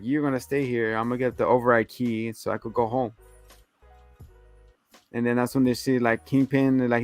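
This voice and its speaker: A man chatting through a movie plot in a loose, rambling way, now and then acting out what the characters say. His voice is smooth and clear and sits in the middle of the pitch range. It is recorded dry and close, with faint music behind him. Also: dry recording. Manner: rambling, laughing, acts out lines. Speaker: podcast co-host. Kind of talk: casual movie recap chat.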